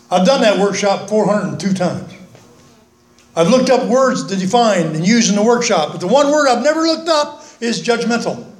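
An older man giving a folksy, earnest talk at a recovery meeting, with self-mocking humor. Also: high voice. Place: meeting room, speaking from the front. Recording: echoey meeting room.

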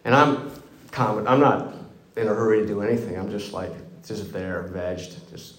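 A man's voice: on the low side, steady tone, moderate pace, echoey room. A middle-aged man telling a candid, self-mocking story of his own recovery, with wry humor. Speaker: recovery speaker.

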